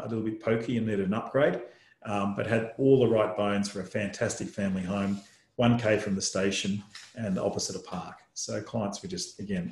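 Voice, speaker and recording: Casting: buyer's agent host, conversational, echoey room. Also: male voice, on the low side. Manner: conversational, frequent um fillers. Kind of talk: casual webinar presentation. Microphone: video call.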